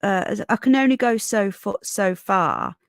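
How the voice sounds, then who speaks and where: A woman's voice: mid-range voice, animated, a little slow, no echo, clean studio sound. A woman with a Northern English accent hosting a casual livestream, tired, greeting viewers by name and calling them darling. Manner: greets viewers by name while reading chat; calls viewers darling and sweetheart. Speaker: livestream host.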